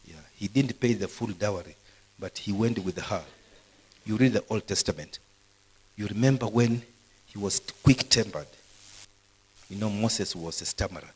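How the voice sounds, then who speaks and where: A middle-aged man preaching a live sermon at a university, animated, swinging between loud bursts and soft asides. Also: lowish voice, normal speed, long pauses, slightly rough, low-quality recording. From Kenya. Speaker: pastor. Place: university hall, live service.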